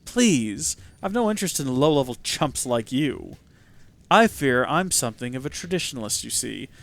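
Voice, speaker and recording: A man voicing a smug, formal young male hero of justice in a game, speaking low and haughty. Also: sing-song, normal speed, vocal fry.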